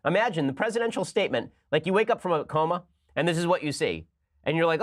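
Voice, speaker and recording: Rapid-fire sarcastic male commentary host. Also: high-pitched. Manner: rapid, sarcastic, animated, breaks into laughter. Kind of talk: casual comic commentary.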